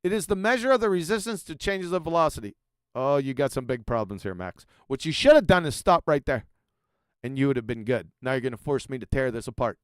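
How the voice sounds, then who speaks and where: A man hosting a commentary video, reading quotes aloud with emphasis and then making sarcastic, mocking asides, often dropping to a low mutter. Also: animated, fairly quick, clear, resonant tone, no echo, studio quality. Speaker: channel host. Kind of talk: commentary over quoted slides.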